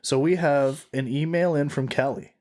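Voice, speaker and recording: A man's voice: a little high, moderate pace. A man in his twenties from the Pacific Northwest, co-hosting a podcast in casual, jokey chat. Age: 20s. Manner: animated, jokey, rambling storyteller. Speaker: podcast co-host.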